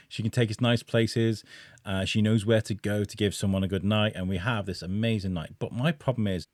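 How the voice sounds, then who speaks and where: A man's voice: fairly low pitch, no room sound, studio quality. A man, a podcast guest, tells a funny personal story with bursts of laughter. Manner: animated, laughing while telling a story.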